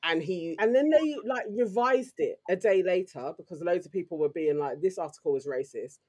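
A woman with a London accent, co-hosting a podcast and telling stories in a lively, slangy way. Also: lowish voice, normal speed. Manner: animated, slangy storytelling. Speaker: podcast co-host. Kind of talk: casual chat.

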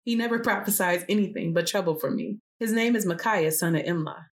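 A woman's voice: lowish voice, brisk, a little hiss or hum, close to an everyday voice. A woman reading as a resentful, bossy old king. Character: resentful, commanding ancient king, adult man.

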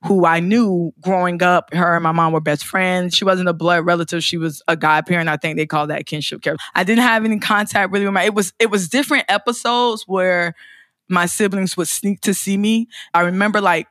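A woman's voice: fairly low pitch, no room sound, clean studio sound. A woman who is a poet, telling her personal story in an interview and acting out other people's lines. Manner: emotional, acts out other people's lines in lively voices.

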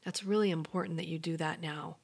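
A woman hosting a motivational podcast, speaking earnestly and encouragingly straight to her listeners as a life coach, sometimes dropping to a soft whisper. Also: low voice, steady tone, brisk, gravelly, slightly rough.

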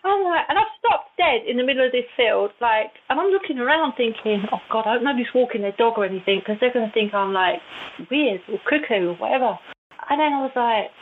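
A woman, a guest on an interview, telling stories in a chatty, animated way with frequent laughs. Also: fairly high pitch, a little fast. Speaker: guest, intuitive and channeler. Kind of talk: casual storytelling in an interview. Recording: tinny phone-like line with faint hiss.

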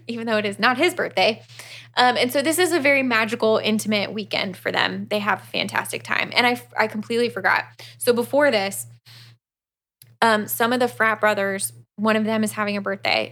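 A woman's voice: medium pitch, fairly bright tone. A woman co-hosting a podcast, recapping a book in casual chat. She acts out the characters' lines and swears freely. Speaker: podcast co-host.

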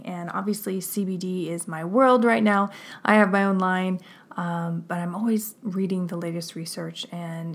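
A woman in her thirties talks through a podcast episode in a chatty, upbeat way, scattering ums as she goes. Her voice sits a little low and carries a gravelly, creaky edge. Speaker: podcast host. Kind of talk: casual podcast monologue with ad reads.

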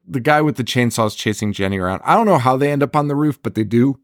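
A man recapping a horror movie in casual podcast chat, animated and profane, laughing often as he retells scenes. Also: mid-range voice, quick pace, no echo, clean studio sound. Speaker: podcast co-host.

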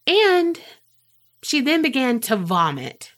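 Slow-talking woman telling a tale. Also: high voice. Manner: animated, swears freely, laughs while telling. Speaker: podcast co-host. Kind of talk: casual storytelling chat.

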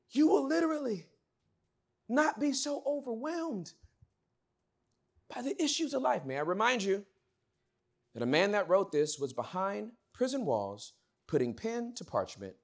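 A male pastor preaching a sermon, swinging from loud shouts to hushed words. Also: sits high, vocal fry.

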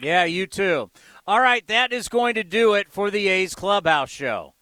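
A man's voice: high voice, animated, measured pace, sharp tone, dry recording. A man hosting a sports call-in radio show, upbeat and encouraging with callers. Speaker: radio host.

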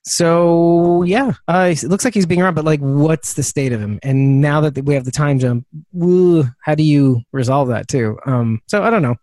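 A man hosts a podcast, chatting casually and rambling with lots of fillers and restarts. His fairly high voice is a little mellow and comes at a moderate pace with few pauses, recorded dry at studio quality.

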